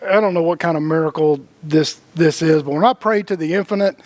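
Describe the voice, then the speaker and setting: Man, high voice, dry close sound, casual rambling chat, laughs a lot, repeats himself. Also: a little fast, no echo. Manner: acts out quoted voices. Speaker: podcast co-host.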